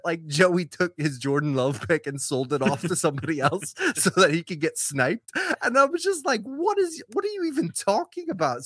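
A man telling a podcast story in a loose, chatty way, with plenty of fillers along the way. His pitch swings widely as he gets worked up. The sound is dry and close, with no room echo. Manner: rambling and animated, with many fillers and laughs. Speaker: podcast host. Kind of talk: casual storytelling chat.

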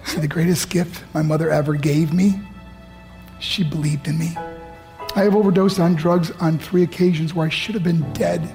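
Male motivational speaker from New York, fairly high voice, earnest storyteller, faint music underneath. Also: steady tone, normal speed, warm tone. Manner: earnest storytelling with vivid acted-out dialogue. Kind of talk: motivational talk to high school students.

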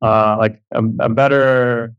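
Halting male podcast host. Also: mid-range voice, fairly even intonation, clean tone, lo-fi sound. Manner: hesitant, halting. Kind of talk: casual interview chat.

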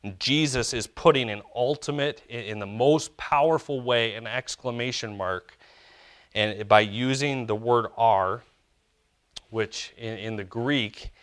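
A man preaching a sermon as a pastor, earnestly, slowing down to stress key words. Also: mid-range voice, a bit bright.

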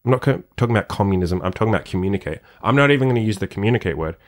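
A young man hosts a casual podcast in a brash, crude, joking way, swearing freely. His voice sits fairly low. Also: expressive, racing. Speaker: podcast host. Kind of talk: crass casual podcast chat.

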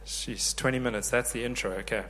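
A man in his thirties preaching a sermon, lively and joking with the congregation. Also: mid-range voice, a little fast. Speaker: pastor.

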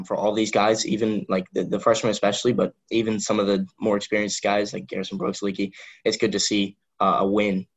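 Man, sports podcast co-host, rambling casual chat, husky, dull lo-fi recording. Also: low-pitched. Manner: rambling, many restarts and fillers.

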